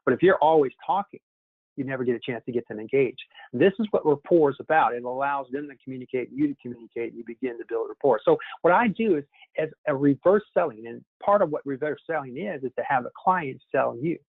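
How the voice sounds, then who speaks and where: A man's voice: mid-range voice, expressive, fast, creaky, husky, dry recording. A man running a sales training session, coaching his listeners in an upbeat way and often calling them "guys". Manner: upbeat, coaching, keeps addressing the group as "guys". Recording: tinny phone line, dry.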